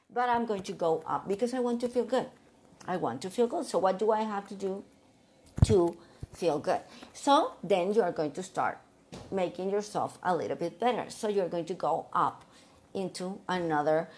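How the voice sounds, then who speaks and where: Earnest middle-aged woman with halting phrasing. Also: mid-range voice, animated, darkish tone, slight background noise. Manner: earnest, repeats herself, speaks in short halting phrases. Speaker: vlogger giving life advice. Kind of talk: casual talk to camera.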